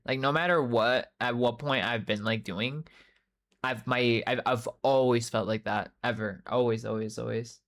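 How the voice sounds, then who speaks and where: A man's voice: medium pitch, fairly bright tone. A young man livestreaming in casual chat, rambling, swearing freely and answering viewers by name. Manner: rambling, loose and profane, many fillers; answers chat messages by name mid-story. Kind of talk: casual live-stream chat.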